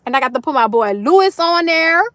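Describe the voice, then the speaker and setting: A woman's voice: high-pitched, lively intonation, brisk, a bit bright, dry recording, clean studio sound. A woman hosting a casual livestream, emotionally thanking her viewers by name and tearing up with joy. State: tearful. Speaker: livestream host.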